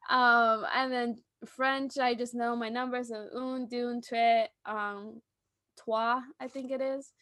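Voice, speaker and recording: A young woman co-hosting a podcast, chatting casually and telling animated stories with laughter. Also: fairly high pitch, slow, no echo. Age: young adult. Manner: animated storytelling, acts out voices, laughs often. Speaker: podcast co-host. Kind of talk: casual chat.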